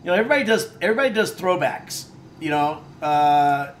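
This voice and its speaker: Brisk and animated, a middle-aged actor with a highish voice chats through a game stream, responding to viewer comments with jokes. He stays laid-back, laughing and swearing freely, while slight background noise is audible.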